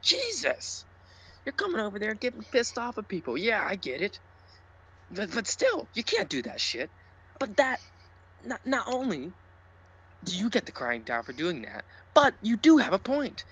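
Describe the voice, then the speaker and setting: Man, podcast co-host, ranting, sarcastic, profane, bright husky voice. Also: high voice, huge pitch swings, normal speed. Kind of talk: casual sports podcast rant.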